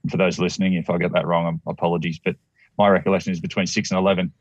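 Australian man, husky low voice, dry dull recording, rambling storyteller. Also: little pitch movement, rapid-fire, no echo. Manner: rambling, with many restarts and acted-out quotes. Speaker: guest. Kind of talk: telling a personal story in conversation.

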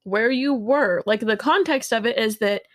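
A young woman co-hosts a casual podcast, her voice sitting a little high. She chimes in with emphatic, supportive commentary and frequent agreement. She also takes over to tell her own side of the night. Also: normal speed. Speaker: podcast co-host. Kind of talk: casual chat.

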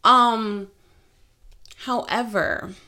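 Woman, 20s, podcast host; bright, unhurried delivery, animated storyteller. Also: on the high side. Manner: giggly, animated storytelling with sudden loud outbursts. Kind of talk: casual chat.

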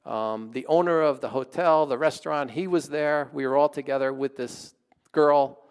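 A pastor telling a story in his sermon, in a conversational and animated way. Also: fairly high pitch, normal speed, smooth.

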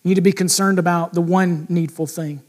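A preacher voicing a gentle divine figure who calmly corrects a listener's heart. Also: male voice, sits high, a little fast, pitched below the performer's own voice, close to an everyday voice. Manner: soft, gentle, patient.

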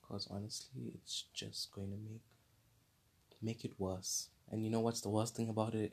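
A man's voice: fairly low pitch, level tone, normal speed, vocal fry, slightly rough. A man hosting his own podcast segment, talking in an earnest, rambling, unscripted monologue that often repeats itself. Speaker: podcast host.

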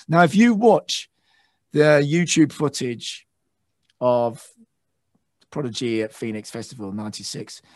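A man with a fairly high voice tells stage stories with rising excitement, swearing freely and shouting out quotes. The sound is dry and close. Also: no echo. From England. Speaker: guest guitarist. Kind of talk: casual storytelling interview.

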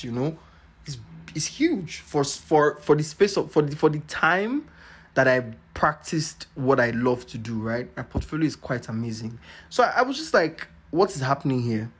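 A young man from Nigeria speaks, hosting a podcast. He tells a personal story in an animated, exclamatory way and laughs between lines. His voice sits at an ordinary middle pitch. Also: breathy edge. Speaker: podcast host.

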